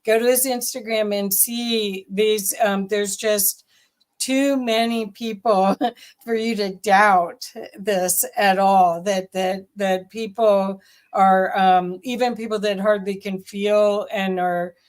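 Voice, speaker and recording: Slow-talking woman interview host. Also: medium pitch, fairly even intonation. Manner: halting, many fillers and restarts, enthusiastic. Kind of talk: casual interview talk.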